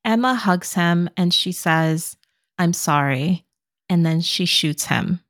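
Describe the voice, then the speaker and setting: A woman co-hosting a podcast, talking quickly and casually as she recaps a movie. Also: on the low side, a bit bright, no echo, clean studio sound. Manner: quick, chatty, laughs often. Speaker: podcast co-host.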